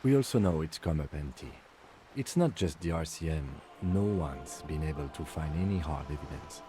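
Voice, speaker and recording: Calm lieutenant, very low and mellow, precise and reserved. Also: male voice, moderate pace, soft background music. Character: calm, methodical male police lieutenant. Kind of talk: video game voice acting.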